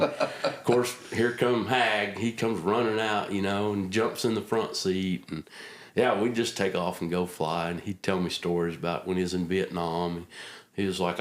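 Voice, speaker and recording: A man's voice: low-pitched, flat delivery, measured pace. A middle-aged man, a retired army helicopter pilot, telling stories in a casual, folksy interview. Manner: folksy anecdotal storyteller, acts out quotes. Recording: roomy echo.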